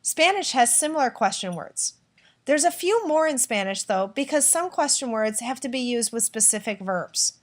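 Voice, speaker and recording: Woman, teacher, recorded lesson, clear patient explaining, slightly high pitch. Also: animated, normal speed. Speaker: Spanish teacher.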